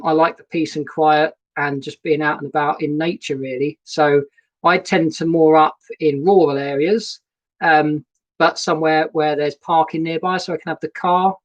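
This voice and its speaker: A man's voice: a little high, poor audio. Chatty man hosting a live stream. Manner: chatty, rambling, greeting viewers by name. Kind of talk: casual live stream chat. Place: sofa inside a narrowboat. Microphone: laptop webcam setup.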